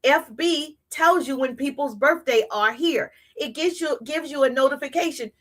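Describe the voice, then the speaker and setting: A woman giving an energetic, repetitive live-stream coaching talk on social media business, chatting with her viewers. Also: high voice, moderate pace. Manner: energetic, repetitive, playful hype.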